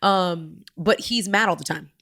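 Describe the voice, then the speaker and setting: Woman podcast guest, candid storyteller, animated delivery with hushed moments. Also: on the low side, a little slow. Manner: animated, slips into soft whispers when moved.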